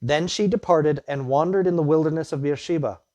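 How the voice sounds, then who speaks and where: A man's voice: on the high side, brisk, warm tone, dry recording. Conversational male pastor retelling scripture. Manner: retells the scripture story in plain conversational words, with asides. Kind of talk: sermon teaching through a Bible passage.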